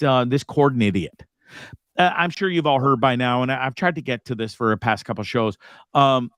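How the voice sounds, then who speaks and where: A man's voice: mid-range voice, fairly bright tone, no echo, studio quality. A man hosting a live talk show, ranting casually with lots of profanity. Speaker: host.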